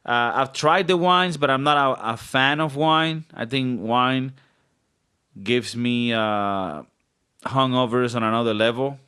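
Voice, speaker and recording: A man's voice: mid-range voice, a little slow, bright, forceful tone, clean tone. Rambling, joking young man. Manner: rambling, joking, swears a lot. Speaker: podcast co-host. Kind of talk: casual banter.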